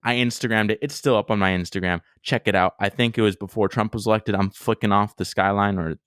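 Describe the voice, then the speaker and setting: A young man co-hosting a podcast, telling travel stories in a rambling, excitable way and swearing freely. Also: fairly low pitch, quick pace, smooth, dry recording, studio quality. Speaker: podcast co-host. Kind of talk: casual storytelling chat.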